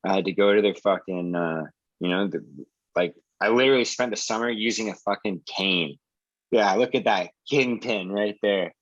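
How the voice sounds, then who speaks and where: Low-voiced young man, profane rambling story. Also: moderate pace, no room sound, lo-fi sound. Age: 20s. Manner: rambling, profane, lots of "like" and "dude". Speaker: support group host. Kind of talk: casual storytelling on a video call. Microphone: video call.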